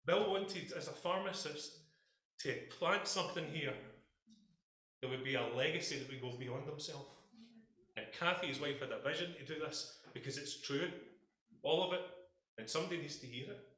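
A Scottish man preaching with urgent emphasis, his voice bright and forceful. He speaks straight to the people in front of him and keeps checking that they follow. The sound rings around a reverberant church hall. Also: fairly high pitch, moderate pace, long pauses. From Scotland. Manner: impassioned, emphatic, addresses congregation directly. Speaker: pastor. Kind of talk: sermon.

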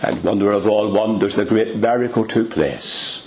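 A man preaching a sermon in a dramatic, emphatic way, with sudden rises in pitch. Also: moderate pace, darkish tone, slight background noise.

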